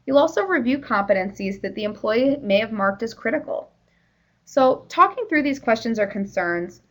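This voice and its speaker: A woman's voice: on the high side, poor audio. A woman presenting a workplace training session in a conversational, explanatory way, with the odd "you know".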